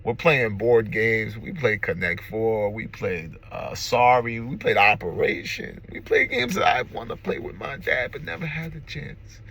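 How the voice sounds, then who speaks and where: A man's voice: medium pitch, expressive, a little slow, gravelly, few pauses, pushed and bright. A man in his forties sharing his recovery story in an earnest, emphatic way, emotional and close to tears, speaking from a car. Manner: earnest and emphatic, repeats slogans. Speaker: recovery vlogger. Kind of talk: personal testimony to camera.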